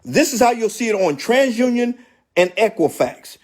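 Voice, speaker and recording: His voice very high-pitched and sing-song at a normal speed, a man runs a casual livestream on fixing credit. He keeps repeating himself with emphasis, speaking right to the people watching.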